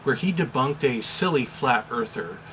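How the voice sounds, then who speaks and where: A middle-aged American man, a chaplain, explaining a topic in a measured, deliberate way with some fillers. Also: medium pitch, animated, fairly bright tone, slight background noise, low-quality recording. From United States. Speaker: chaplain and pastor. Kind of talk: explanatory video commentary.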